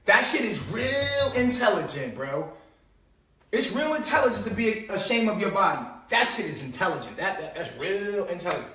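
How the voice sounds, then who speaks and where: High-voiced man preaching loosely on a live stream. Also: sing-song, normal speed, bright, forceful tone, roomy sound, distant mic. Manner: preachy, profane, laughing, with rhetorical questions. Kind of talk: casual live-stream monologue.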